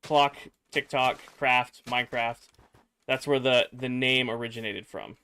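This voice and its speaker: A man's voice: medium pitch, measured pace, slight background noise. Tired, chatty male streamer. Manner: relaxed, chatty, reads chat aloud and mutters while building. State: tired after a workday. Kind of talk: casual livestream chat.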